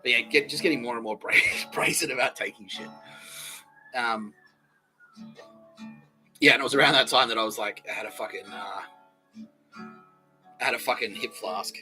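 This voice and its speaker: An Australian man hosting a solo comedy podcast, rambling and profane, laughing often and slipping into quick impressions. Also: mid-range voice, pushed and bright, soft background music, low-quality recording. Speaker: podcast host.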